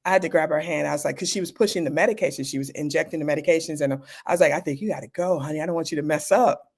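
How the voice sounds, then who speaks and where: A woman's voice: low voice, rapid-fire, a little mellow, slightly rough. A middle-aged woman doctor, a guest in an interview, telling personal stories candidly and acting out the people she quotes.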